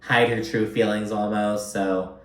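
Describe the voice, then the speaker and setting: A man's voice: lowish voice, measured pace. A man casually recapping a reality TV episode, chatty and profane, often acting out what people said. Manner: profane, animated, chatty, often acts out quotes. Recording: echoey room.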